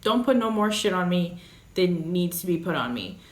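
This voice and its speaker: A woman's voice: lowish voice, sing-song, normal speed. A young woman talking candidly in a casual vlog, blunt, emotional and full of swearing. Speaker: vlogger, new mother. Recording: echoey room.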